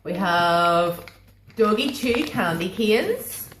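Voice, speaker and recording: Casting: young british woman, giggly chatty home vlogger, bouncy pitch, echoey room. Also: lively intonation, extremely slow. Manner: chatty, giggly, baby-talks to her dog. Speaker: vlogger unboxing a dog subscription box. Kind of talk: casual chat. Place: room at home with a dog and child. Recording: echoey home room, loud background noise.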